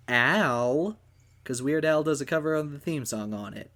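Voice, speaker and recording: A man hosting a casual film podcast, talking in a relaxed, rambling way with plenty of ums. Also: on the high side, unhurried. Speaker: podcast host.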